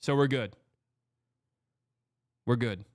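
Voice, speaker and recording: A man's voice: mid-range voice, slow, dry recording, studio quality. A young man from Texas hosting a show, reading viewer comments in a loose, rambling, chatty way. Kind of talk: casual livestream chat.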